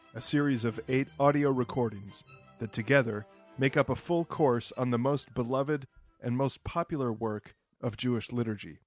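A man reading a formal scripted introduction to a lecture series. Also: medium pitch. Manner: formal, measured. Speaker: series announcer.

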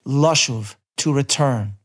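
A man, likely a rabbi, giving a measured, earnest sermon and quoting scripture in Hebrew. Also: mid-range voice, husky. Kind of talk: sermon reading.

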